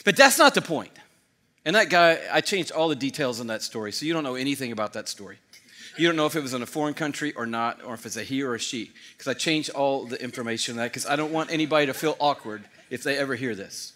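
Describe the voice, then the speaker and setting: A man preaching as a pastor, telling a story in an animated way and acting out every part himself. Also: medium pitch, fast. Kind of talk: sermon with acted-out story.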